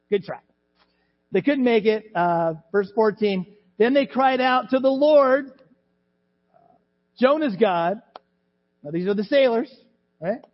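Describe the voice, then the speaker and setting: A middle-aged male pastor preaching a sermon, animated, acting out voices from the scripture story. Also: very high-pitched, measured pace, pauses often. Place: church sanctuary. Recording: dull church recording with long reverb.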